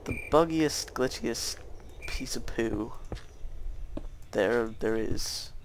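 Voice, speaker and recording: Rambling young man with gravelly fry. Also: mid-range voice, drawn-out words, a little hiss or hum. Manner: rambling, hesitant, many fillers and restarts. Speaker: gaming YouTuber. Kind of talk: casual gameplay commentary.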